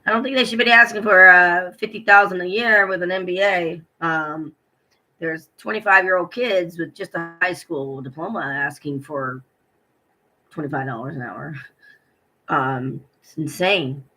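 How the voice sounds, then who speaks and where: A middle-aged woman talks to the camera in a personal vlog, her voice bright and forward. She rambles in a heartfelt way, full of "um"s, and retells her day with feeling. She sounds emotional and hurt underneath. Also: fairly low pitch, unhurried, low-quality recording. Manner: rambling and heartfelt, full of fillers and retold dialogue. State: emotional, hurting. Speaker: vlogger.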